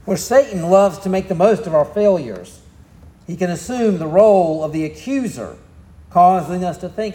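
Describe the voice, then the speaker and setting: A man's voice: sits high, moderate pace, dark tone, echoey room. A man with a Southern US accent preaching a sermon, telling the story in a folksy, easygoing way. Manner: folksy storytelling, drawling asides. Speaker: pastor.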